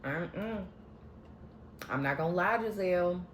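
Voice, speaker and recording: Sassy low-voiced woman vlogger. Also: animated, slow pace, slight background noise. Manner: sassy, slangy, candid opinions. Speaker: vlogger recapping a reality show. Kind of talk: casual chatty recap. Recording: echoey room.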